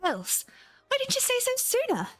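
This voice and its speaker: A woman's voice: sits high, big pitch swings, fairly bright tone, faint music behind, pitched above the performer's own voice. A woman doing a chirpy generous innkeeper lady. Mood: cheerful. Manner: brisk, chirpy, put-on accent. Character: generous cheerful female innkeeper.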